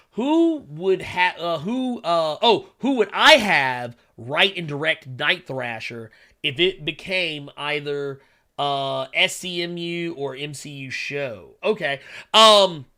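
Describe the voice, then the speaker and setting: A man's voice: on the high side, pushed and bright. A man hosting a casual solo show, rambling with many fillers, humming while he reads viewer chat and turning blunt and profane when he rants. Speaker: podcast host.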